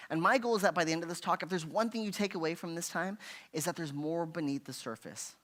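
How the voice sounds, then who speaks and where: Conversational man teaching parents, slightly high voice. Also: quick pace, fairly bright tone. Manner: conversational, constantly asking "right?"; acts out frustrated parents in a raised voice. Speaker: parenting workshop speaker. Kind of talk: parent education talk. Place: church hall.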